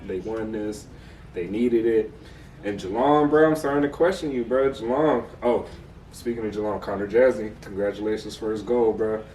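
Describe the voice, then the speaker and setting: A man's voice: on the low side, normal speed, a little mellow, slight background noise. An American man co-hosting a casual sports recap, laid-back and slangy, tossing in "bro" often. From United States. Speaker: podcast co-host. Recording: echoey room, mic far off.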